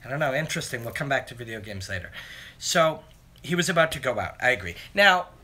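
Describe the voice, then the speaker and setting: A man's voice: mid-range voice, lively intonation, fast talker, bright, forceful tone. A man hosting a casual live stream, rambling through fight analysis and answering viewer comments from his phone. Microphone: phone camera.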